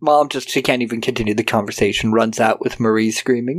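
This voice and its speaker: A podcast co-host talks through a movie's story in relaxed conversation, imitating what the characters say and swearing without restraint. His voice is mid-pitched and his pace is quick.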